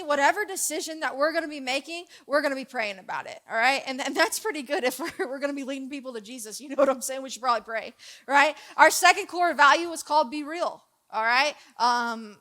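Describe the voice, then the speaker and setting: A young woman gives a relaxed church sermon, full of stories and asides to her listeners. Her voice sits high and comes across bright and clear. She talks in a loose, jokey storytelling way. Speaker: preacher.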